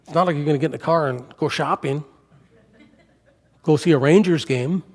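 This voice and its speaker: Recorded in a reverberant church hall, an older guest preacher with a voice on the high side speaks at normal speed. His sermon is conversational and story-driven, and he asks the congregation questions.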